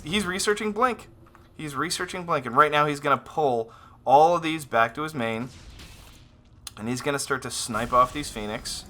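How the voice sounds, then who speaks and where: A man casting a strategy game replay on his own, excitable and thinking aloud, often repeating his phrases. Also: on the high side. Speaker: game caster. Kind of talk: solo esports commentary over a replay.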